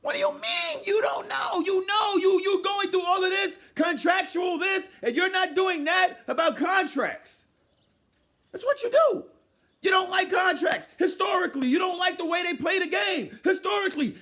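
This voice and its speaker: High, animated man ranting loudly. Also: normal speed. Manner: loud, exasperated, often shouting, mock-quoting others. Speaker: commentary vlogger. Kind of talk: animated rant commentary.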